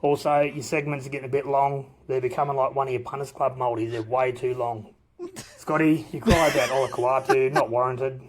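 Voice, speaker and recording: A man's voice: medium pitch, flat delivery, brisk, a little hiss or hum. A man in a recorded voice message to a podcast, cheekily roasting the hosts. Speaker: listener sending a voice message.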